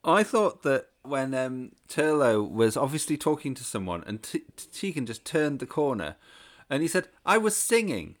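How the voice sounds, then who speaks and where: A man's voice: medium pitch, big pitch swings, moderate pace. A man co-hosting a podcast in casual chat, thoughtfully picking apart scenes. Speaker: podcast co-host.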